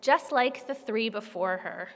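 A woman's voice: fairly high pitch, a little slow, a bit bright. A woman reading as a plain-spoken midwife. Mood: matter-of-fact. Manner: plain, evasive, matter-of-fact. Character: matter-of-fact village midwife. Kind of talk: literary reading. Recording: long hall reverb.

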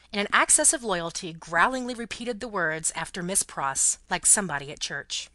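Lively woman narrating a classic novel. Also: mid-range voice, moderate pace, hardly any pauses, no echo. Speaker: audiobook narrator.

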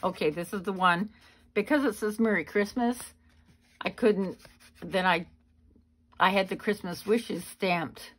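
A woman hosting a craft channel, giving a chatty, unhurried show-and-tell of her handmade cards. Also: medium pitch, a bit bright. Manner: chatty, unhurried walk-through. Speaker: card-making channel host.

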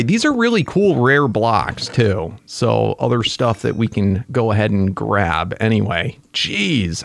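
A man narrating his own game play as he goes, an excitable gamer who exclaims at the creatures he finds. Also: medium pitch, vocal fry, no room sound. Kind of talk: casual gaming commentary.

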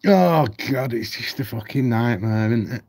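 A man's voice: medium pitch, expressive, normal speed, a little mellow. A man ranting at home on his channel, blunt, heated and full of swearing. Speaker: vlogger. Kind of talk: ranting commentary.

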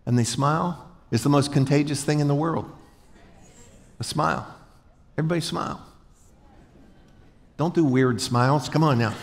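A man preaching a folksy, joking sermon to a congregation, asking them to repeat after him. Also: medium pitch. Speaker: pastor. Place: large church hall before a congregation. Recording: echoey church hall.

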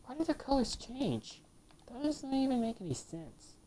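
Playing a video game as a let's play gamer, this woman speaks at a moderate pace in a high-pitched, sing-song, warm voice, with a little hiss or hum in the recording. She complains playfully and slips half-whispered asides to herself between exclamations.

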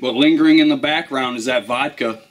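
A man's voice: mid-range voice, a little fast. A man casually hosting a drink review, laid-back and rambling with fillers.

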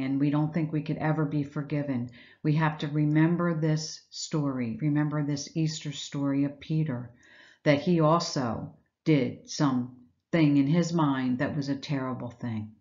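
A woman's voice: sits low, a little mellow, lo-fi sound. A woman giving an Easter sermon, retelling scripture in a reflective storytelling way with rhetorical questions. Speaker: speaker giving an Easter message.

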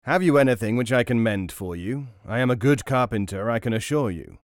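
A proud, quick-tempered carpenter who protests loudly and emphatically, as a man reading a folk tale puts him on. The voice is close and dry. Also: medium pitch, lively intonation, no echo, natural voice. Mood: indignant. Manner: indignant, emphatic. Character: proud, hot-tempered grown father carpenter.

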